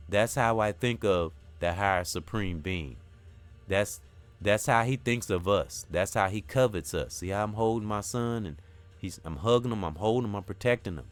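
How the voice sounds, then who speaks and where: Earnest man, lively low voice. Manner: earnest, repetitive, preacher-like cadence. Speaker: host of a spiritual talk channel. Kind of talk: casual spiritual monologue.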